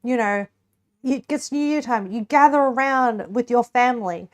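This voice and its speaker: A woman's voice: fairly high pitch, normal speed. A young woman streamer chatting casually to her viewers while cooking and tasting a pie, giggling now and then. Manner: chatty, giggly, talks to chat while eating.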